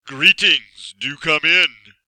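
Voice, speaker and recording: A man doing a haughty old magician for a storybook reading: a loud, growling boom that lingers over each word with cruel relish. The tone is bright and sharp, and it sounds close and dry. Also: dry recording, full character voice, poor audio. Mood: sly courtesy. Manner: booming, growling, slow and gloating.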